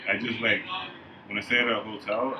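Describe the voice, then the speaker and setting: A man in casual chat who agrees calmly and adds short, level-headed remarks. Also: lowish voice, fairly quick. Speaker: podcast co-host. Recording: dull lo-fi sound with clear background hiss.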